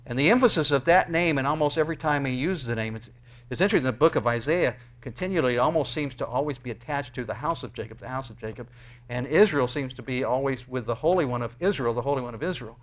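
A male pastor preaching an earnest sermon, with emphatic rises and quick bursts between quieter explanations. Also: medium pitch.

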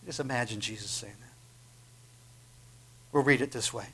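A man's voice: mid-range voice, moderate pace, bright, forceful tone, breathy edge. A man preaching a sermon, fervent and swelling to emphatic peaks, with frequent restarts.

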